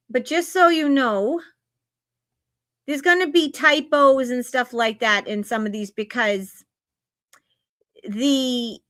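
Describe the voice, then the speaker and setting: A woman with a Boston accent and a somewhat high voice talks to her viewers as a tarot reader. She is emphatic and exclamatory, with an upbeat, preaching tone. The sound is dry and close, with little room echo. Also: pushed and bright. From Boston area. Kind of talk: spiritual reading talk to viewers.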